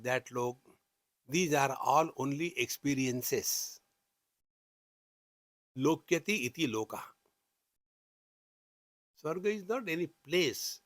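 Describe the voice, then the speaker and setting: A man's voice: medium pitch, fairly bright tone, no room sound, clean studio sound. A man with an Indian English accent teaching scripture, chanting Sanskrit verses and explaining them with humor. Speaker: spiritual teacher. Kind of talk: scripture discourse.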